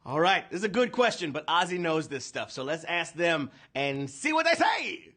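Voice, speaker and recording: A man hosting a live trivia game show, energetic and playful, talking slangy to the players. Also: a little high, normal speed. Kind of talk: hyped livestream hosting.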